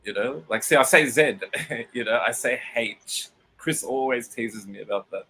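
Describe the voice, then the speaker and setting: A man's voice: medium pitch, normal speed, sharp tone, breathy edge, poor audio. A man chatting casually as a podcast co-host, talking loosely and breaking into laughter often. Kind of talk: casual chat.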